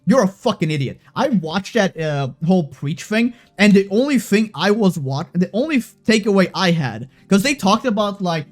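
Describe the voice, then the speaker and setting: A young man streaming, ranting in a heated, profane, rambling way, full of fillers and restarts. His voice sits fairly high for a man. Faint music plays quietly behind him. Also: sing-song, moderate pace, hardly any pauses. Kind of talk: casual rant to stream chat.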